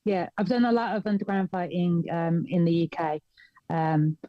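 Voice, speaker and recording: A woman's voice: fairly low pitch, moderate pace, no echo, highs cut off. Hesitant British woman on a video call. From United Kingdom. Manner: brief, hesitant answers with fillers. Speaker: guest fighter. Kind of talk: interview over a video call.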